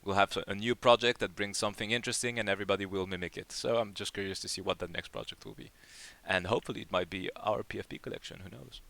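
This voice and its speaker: A man's voice: fairly low pitch, fairly even intonation, fast, creaky, few pauses, sharp tone. A man hosting a live community Q&A, chatting casually and rambling with lots of fillers and restarts. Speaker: project lead hosting a community AMA.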